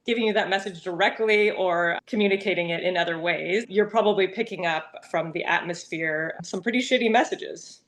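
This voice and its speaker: A woman's voice: fairly low pitch, brisk, hardly any pauses, fairly bright tone. Thoughtful woman podcast co-host. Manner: thoughtful, loose phrasing with many "like" and "right?". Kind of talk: casual conversational chat.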